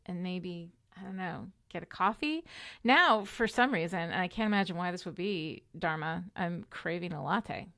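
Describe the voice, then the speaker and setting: A woman's voice: fairly high pitch, a bit bright, clear, resonant tone. Tired, chatty woman hosting a writing stream. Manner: chatty, upbeat, many fillers. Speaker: livestream host of a writing sprint. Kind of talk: casual chat to a live audience.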